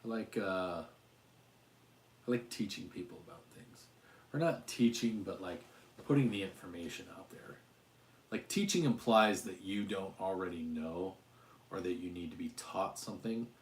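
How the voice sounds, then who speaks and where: A man's voice: sits low, normal speed, a little hiss or hum. A man in his forties from Utah, hosting a casual livestream chat, rambling and hesitant with many fillers and restarts. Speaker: channel host. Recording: roomy echo.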